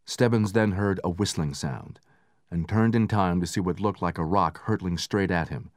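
A man narrating a book in steady, measured scripted narration, raising his voice for the soldiers' lines. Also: low voice, no room sound, clean studio sound. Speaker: audiobook narrator.

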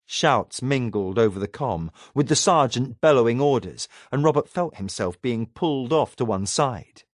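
A man reading science fiction narration aloud in a dramatic, expressive way. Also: medium pitch, moderate pace, no echo, clean studio sound. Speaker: audiobook narrator. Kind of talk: scripted narration.

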